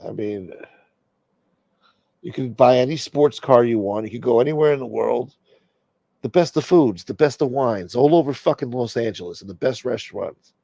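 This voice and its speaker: A man's voice: mid-range voice, normal speed, vocal fry, mellow, husky, no echo. A man hosting a talk stream, delivering a brash, profane comedic rant. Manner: brash, ranting, heavy swearing. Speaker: host.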